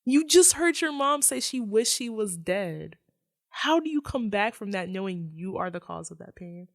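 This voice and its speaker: Podcast guest, woman, mid-pitched, dry close sound, animated and loose-tongued. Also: moderate pace, vocal fry, no echo. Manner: animated retelling, swears freely. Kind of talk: casual movie discussion.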